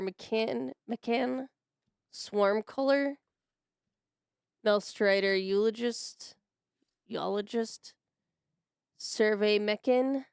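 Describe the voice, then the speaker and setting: A woman's voice: medium pitch, clean tone, dry recording, studio quality. A woman chatting casually on a stream and playfully reading card names aloud while opening packs.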